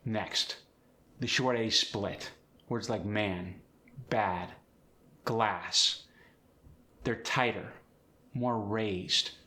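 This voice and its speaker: A man teaching an accent as a coach, explaining clearly and demonstrating sounds in an instructive way. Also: on the low side, very slow, long pauses, pushed and bright. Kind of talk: accent tutorial.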